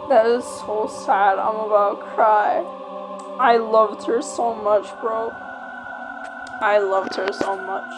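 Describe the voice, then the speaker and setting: A woman's voice: medium pitch, takes it slowly, over music. A woman reading a story game aloud and reacting expressively, often saying "bro". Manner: expressive, exclamations, says "bro". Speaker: game player.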